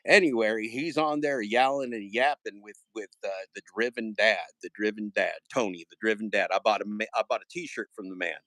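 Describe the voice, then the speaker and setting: A man's voice: on the low side, brisk, few pauses, pushed and bright, dry recording. Sarcastic man rambling on a livestream. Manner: sarcastic, joking, taunting. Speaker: live streamer. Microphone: phone held in hand.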